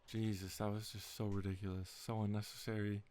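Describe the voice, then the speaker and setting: A young man with a lowish voice tells a story straight to camera in a loose, rambling vlog style. He sounds exasperated and keeps circling back, dropping casual swear words as he goes. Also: level tone, a little fast, darkish tone. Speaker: vlogger.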